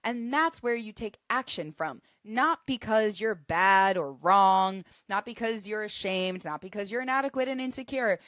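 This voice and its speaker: A woman hosting a solo podcast, teaching in an earnest, emphatic way that builds to forceful bursts. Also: medium pitch, lively intonation, normal speed, hardly any pauses, no room sound, studio quality. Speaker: podcast host.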